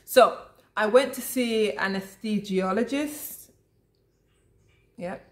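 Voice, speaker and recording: A woman's voice: medium pitch, slow. A woman vlogger chatting casually to camera, calling her viewers "guys" and often restarting her sentences. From lives abroad in Italy. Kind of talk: casual vlog chat to camera.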